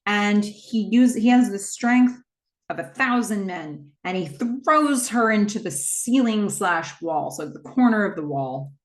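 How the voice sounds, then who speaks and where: A woman retelling a movie plot in a casual, chatty way, with quick asides and small acted-out quotes. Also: mid-range voice, animated, roomy sound. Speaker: movie recap host.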